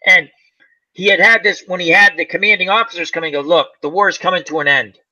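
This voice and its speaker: A man's voice: sits high, fairly even intonation, fairly quick, pushed and bright. A man hosting a casual chat, rambling through a movie plot and acting out its lines. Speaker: channel host. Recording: dull lo-fi sound.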